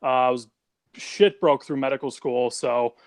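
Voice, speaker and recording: A young man talks frankly as a guest caller and drops casual swears without a pause. His voice is mid-pitched and sits close and dry. He brings up his own points in quick asides. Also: fairly even intonation, dry recording. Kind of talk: casual chat.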